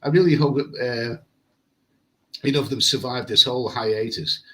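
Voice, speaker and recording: Bright-voiced rambling man. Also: mid-range voice, normal speed, low-quality recording. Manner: rambling, repeats words, chatty. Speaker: travel vlogger. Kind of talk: casual live stream chat reading comments. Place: hotel room with air conditioning.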